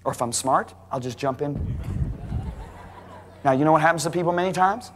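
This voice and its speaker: A man preaching a sermon to a congregation, emphatic and rising to near shouting at high points. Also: moderate pace, a little hiss or hum. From United States. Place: large church hall. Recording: live sermon in a reverberant hall.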